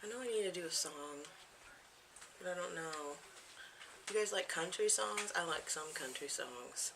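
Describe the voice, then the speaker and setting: A woman's voice: fairly low pitch, expressive, moderate pace, vocal fry, background noise. A woman in her thirties chatting casually to camera at home, rambling from one thing to the next and laughing often. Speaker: vlogger. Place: home, indoors.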